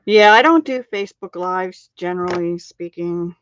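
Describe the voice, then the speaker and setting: A woman's voice: fairly low pitch, normal speed, noisy background. A middle-aged woman hosting a card-making live stream, chatting casually and laughing at her own slips. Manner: chatty, self-deprecating, laughs often. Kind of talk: casual crafting demo chat. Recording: dull lo-fi sound.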